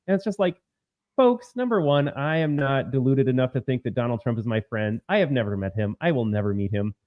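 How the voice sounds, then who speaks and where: A man's voice: medium pitch, lively intonation, brisk, no room sound. A man from Minnesota co-hosting a casual political talk show, making emphatic, argumentative points. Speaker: co-host. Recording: slightly dull lo-fi audio.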